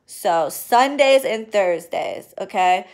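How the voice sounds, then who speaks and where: A woman's voice: medium pitch, lively intonation, slow pace. A woman doing readings and spell work, chatting casually and affectionately to her viewers on a livestream, swearing now and then. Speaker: spiritual reader and spell worker.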